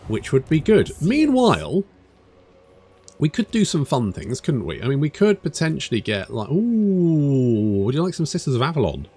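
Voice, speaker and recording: A man's voice: on the high side, huge pitch swings, moderate pace, dark tone, breathy edge. Chatty, swearing gamer man. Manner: chatty, swearing, muttering to himself. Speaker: gaming channel host. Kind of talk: let's play commentary. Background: game music.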